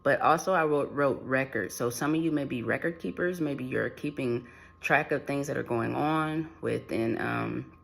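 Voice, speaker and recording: Gravelly and a bit bright, this mid-range male voice moves at a moderate pace through a channeled spiritual reading for viewers. The talk is loose and repetitive, broken by restarts and fillers.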